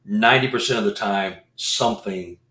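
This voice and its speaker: A man's voice: fairly low pitch, normal speed, pushed and bright, roomy sound. A man who researches Bigfoot and leads expeditions, telling a rambling story with restarts and repeated words. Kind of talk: casual storytelling.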